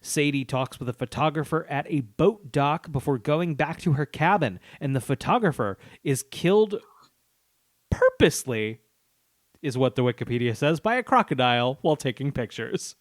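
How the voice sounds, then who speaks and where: Give me a man co-hosting a podcast who laughs a lot, with a lively voice and a dry, close sound. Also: on the high side, moderate pace, no room sound. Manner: laughs often, reads a plot summary aloud with asides. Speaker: podcast co-host. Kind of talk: casual movie-recap chat.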